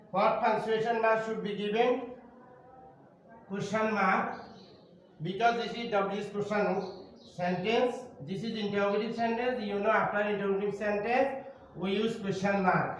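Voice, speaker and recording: A man with a Bangladeshi accent teaching an online English grammar lesson to primary students, explaining slowly and repeating himself. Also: high voice, fairly bright tone. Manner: slow, repetitive explaining to students. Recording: roomy, distant, faint noise.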